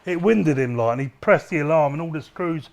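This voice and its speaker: Animated, high-voiced man telling stories. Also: fairly quick, creaky. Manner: rambling, profane, laughing storyteller. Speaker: interview guest. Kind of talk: casual storytelling.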